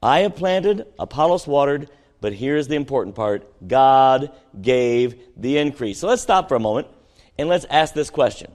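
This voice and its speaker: A man preaching a sermon to his congregation, asking them questions and swinging between emphatic peaks and quiet conversational asides. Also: mid-range voice, lively intonation, normal speed. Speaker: pastor. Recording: long hall reverb.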